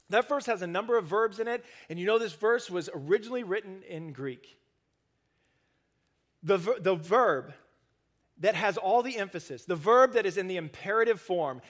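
A man preaching a sermon, earnest, rising to emphatic stresses and then dropping soft and low. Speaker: pastor.

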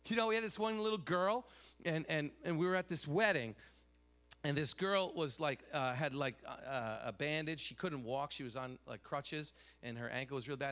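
A man with a slightly high voice preaches a sermon, telling stories animatedly. He drops to a hush and then rises loud again, restarting often.

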